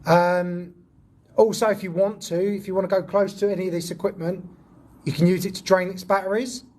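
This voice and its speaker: A man's voice: high-pitched, level tone, brisk, a little mellow. A man making a ghost-hunting vlog in an old prison. He talks casually to camera, calls out to spirits and sounds nervous and jumpy. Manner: jumpy, nervous, swears when startled. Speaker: paranormal investigator vlogger. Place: old prison building indoors. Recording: echoey indoor space with faint ambience.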